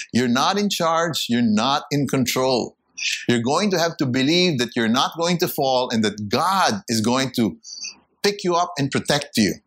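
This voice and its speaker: Man, pastor, sermon, slightly high voice, bright tone, emphatic delivery. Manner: emphatic preaching, rising high when acting out voices.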